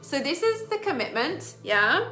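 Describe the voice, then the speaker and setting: A chatty woman giving a casual oracle card reading, rambling along with plenty of "like" and frequent laughter. Her voice sits a little high and sounds bright and forceful. The room is echoey, with soft music underneath. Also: very animated, unhurried.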